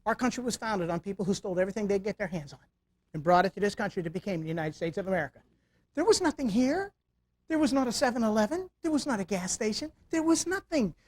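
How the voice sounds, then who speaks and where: A middle-aged man giving a security awareness talk with humor to a live audience, animated, telling stories and tossing rhetorical questions at the crowd. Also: sits high, fast talker. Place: meeting room before live audience.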